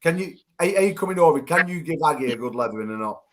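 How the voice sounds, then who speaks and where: A man hosts a rowdy online chat show over a video call. He teases his guests and swears freely, his voice sitting a little high for a man. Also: animated, very fast, a little hiss or hum. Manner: teasing, swearing, laughing loudly. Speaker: show host.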